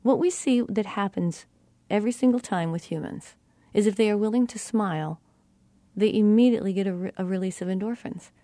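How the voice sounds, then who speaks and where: A middle-aged woman giving a teaching talk about tone of voice and self-talk, speaking deliberately and shifting her inflection to show how phrases change meaning. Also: mid-range voice, warm tone, dry recording. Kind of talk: teaching monologue.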